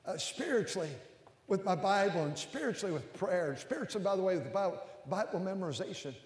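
An older man preaching a sermon as a pastor. He climbs to loud, emphatic peaks and then drops low and close. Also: animated, fast. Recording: echoey hall with long reverb.

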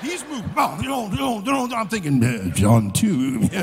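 A man preaching at a youth conference, telling a comic story with shouts and laughs. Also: high voice, background noise. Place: large conference hall. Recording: long hall reverb.

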